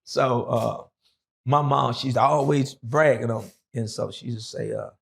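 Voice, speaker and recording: A man's voice: medium pitch, unhurried. A middle-aged man, an interview guest and former prisoner, telling his story in a loose, rambling way full of fillers. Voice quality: gravelly.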